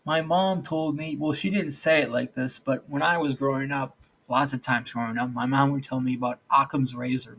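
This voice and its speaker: A man's voice: mid-range voice, fairly bright tone, slightly rough, poor audio. A man hosting a solo podcast, talking in a loose, rambling way with frequent restarts. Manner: rambling, loose, with many restarts and "all right, so". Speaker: podcast host.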